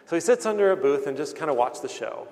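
Male preacher, earnest and plain-spoken, gravelly voice, long reverberant hall. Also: on the high side, lively intonation, fast talker, a little mellow. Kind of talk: sermon.

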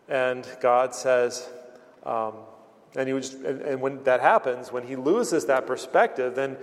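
Earnest preacher in a reverberant hall. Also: male voice, medium pitch, takes it slowly. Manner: earnest, plain-spoken, with repeated restarts. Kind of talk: sermon.

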